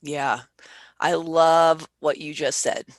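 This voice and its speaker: A woman's voice: sits low, steady tone, slow pace, no echo. A woman hosting an interview, talking casually and enthusiastically with many fillers. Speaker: interview host.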